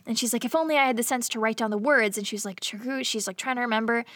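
A woman's voice: fairly high pitch, quick pace, a bit bright, no room sound, studio quality. A young woman casually retelling a movie plot to a co-host, chatty and giggly, acting out the characters' lines. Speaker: podcast co-host.

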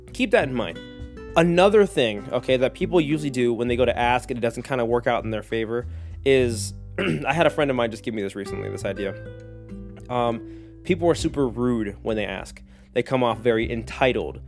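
A man hosting a solo podcast, talking casually in a jokey, animated way with lots of tangents. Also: medium pitch. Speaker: podcast host.

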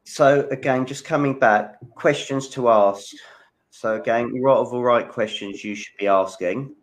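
A man from the United Kingdom hosting a live interview show, asking brisk questions and thanking his guest. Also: mid-range voice, poor audio. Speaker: host.

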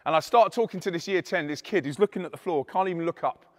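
Man, fairly high voice, animated storyteller, emphatic testimony, long hall reverb. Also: quick pace. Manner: animated, emphatic, acts out quoted dialogue. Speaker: Christian youth speaker and musician. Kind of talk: dramatic storytelling testimony to an audience.

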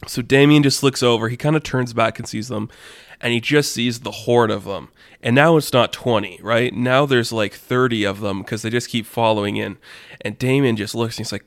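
Man, casual rambling storyteller, mid-pitched, dry close sound. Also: fairly even intonation, normal speed, no echo. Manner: rambling, filler-heavy, laughs at his own jokes.

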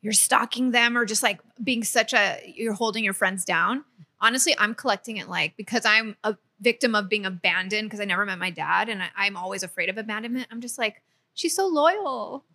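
A young woman co-hosting a podcast, chatting in an expressive, emphatic, reflective way. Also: mid-range voice, a little fast. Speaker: podcast co-host. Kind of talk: casual chat.

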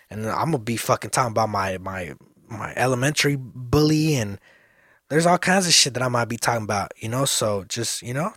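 A man's voice: mid-range voice, expressive, moderate pace, pushed and bright, breathy edge, dry recording, studio quality. A man in his thirties hosting a solo podcast, rambling casually, cursing often and restarting his sentences. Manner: rambling, swears a lot, many restarts.

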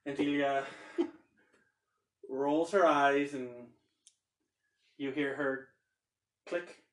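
A man's voice: fairly high pitch, steady tone, extremely slow. Chatty game master man, echoey room. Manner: loose and chatty, with many fillers. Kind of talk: narrating a tabletop game.

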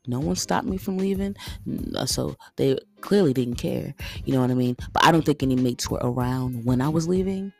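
A young woman hosting her own podcast, telling a casual, animated story and talking straight to her listeners as guys and y'all. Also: rumbling low, a little fast, gravelly, soft background music. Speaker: podcast host.

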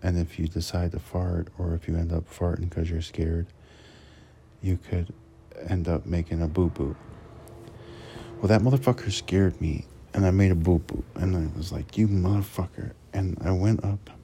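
Deep gravelly man rambling crudely. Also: steady tone, moderate pace, warm tone, slight background noise. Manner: rambling, crude and profane, frequent restarts. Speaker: truck driver. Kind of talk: casual rambling storytelling monologue.

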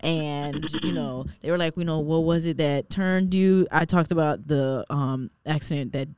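A woman's voice: deep voice, a little slow, crowd noise. A woman in her late twenties co-hosting a podcast, chatting expressively in a casual way and laughing often. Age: late 20s. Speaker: podcast co-host. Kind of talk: casual chat.

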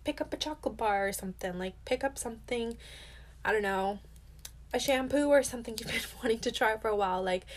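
A woman's voice: a little high, fairly quick. Young woman, podcast host, casual self-help monologue, chatty, lots of "like", candid. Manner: chatty, heavy use of "like", candid and swears casually.

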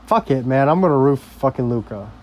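A young man vlogs in an expressive, medium-pitched voice, though the audio sounds dull. His rant is slow, casual, rambling and packed with profanity as it wanders between topics.

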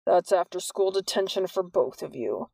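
Cruel bald school vice principal, read by a woman. Slow, menacing delivery, gravelly edge. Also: on the low side, lively intonation, a little mellow, no echo.

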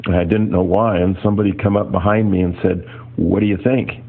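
Older male artist, low husky storyteller, tinny narrow recording. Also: steady tone, a little fast. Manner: rambling anecdotal storyteller. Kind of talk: personal storytelling talk. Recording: tinny phone-like audio.

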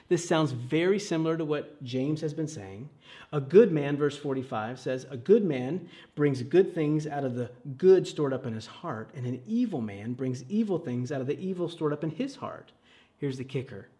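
A middle-aged man preaching a sermon, earnest, with dramatic pauses and phrases that sink to a hush. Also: fairly high pitch, animated. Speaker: pastor.

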